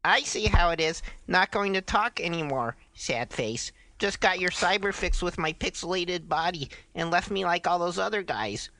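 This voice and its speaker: A man's voice: high voice, expressive, moderate pace, few pauses, sharp tone, pitched above the performer's own voice, exaggerated voice. A man voicing a coy, flirting online gamer in a comic dramatic reading, his voice lightly raised.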